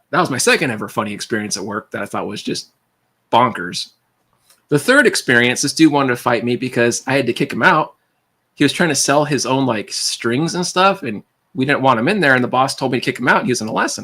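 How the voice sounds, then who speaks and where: Husky man telling wild stories. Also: mid-range voice. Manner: rambling, animated anecdotes with quoted voices. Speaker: livestream host. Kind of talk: casual storytelling chat.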